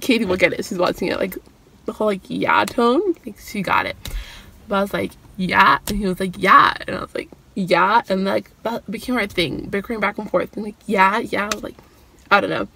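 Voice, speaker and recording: A young woman vlogger tells a storytime video in a gravelly, slightly rough voice. She's chatty and full of "like", acting out quotes in a higher, lifted voice.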